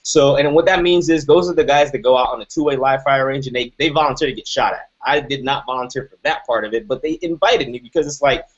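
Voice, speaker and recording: A man's voice: mid-range voice, fast talker, hardly any pauses, slightly rough. A man in his thirties giving an emphatic motivational talk, often asking "right?". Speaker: motivational speaker. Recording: dull lo-fi recording.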